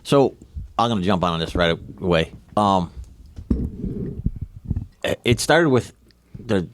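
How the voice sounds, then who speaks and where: A man's voice: low-pitched, animated, slow, background noise. A man from co-hosting a casual sports podcast, arguing his points with rhetorical questions. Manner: argumentative, frequent "like" fillers, rhetorical questions. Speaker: podcast co-host.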